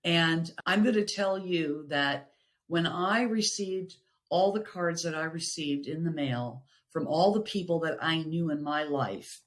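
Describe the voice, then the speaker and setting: A middle-aged woman, a podcast guest, sharing personal stories in an earnest, reflective way, with pauses and restarts. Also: low voice.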